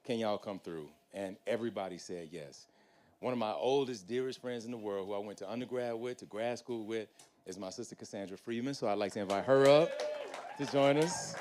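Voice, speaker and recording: A man hosting a live panel, introducing guests with energetic, preacher-like hype and casual slang. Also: on the low side, a little fast. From United States. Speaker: panel host.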